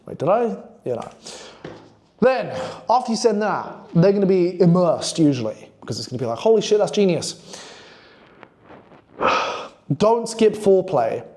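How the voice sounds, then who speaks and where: A man's voice: high voice, big pitch swings, normal speed, a little mellow. A man coaching on copywriting in a blunt, profane, hyped-up casual monologue.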